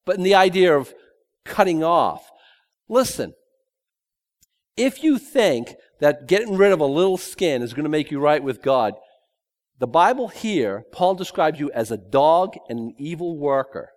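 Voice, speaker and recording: A man's voice: fairly high pitch, very animated, unhurried. A man preaching a verse-by-verse sermon in a conversational way, with joking asides and emphatic repetition. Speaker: pastor. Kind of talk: expository sermon.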